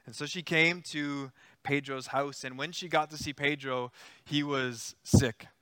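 A man preaching a sermon, retelling a story in a conversational, animated way with acted-out quotes. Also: on the high side, measured pace, smooth, dry recording, studio quality.

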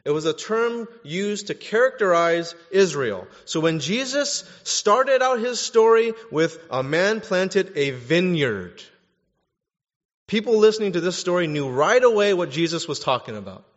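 A man's voice: sits high, normal speed, few pauses. Man preaching in an echoing hall. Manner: conversational, animated preaching with casual fillers. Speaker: pastor. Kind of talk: sermon. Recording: dull audio with long reverb in a hall.

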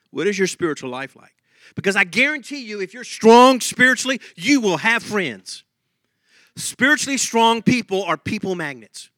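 Male pastor, bright high voice, dry sound, casual joking sermon delivery. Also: dry recording. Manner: conversational preaching with jokes and laughs; asks the congregation many quick questions.

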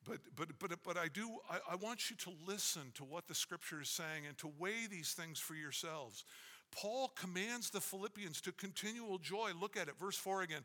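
A man's voice: high-pitched, bright, forceful tone. A man preaching a sermon as a pastor, emphatic and repetitive in his cadence. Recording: long reverb of a large hall.

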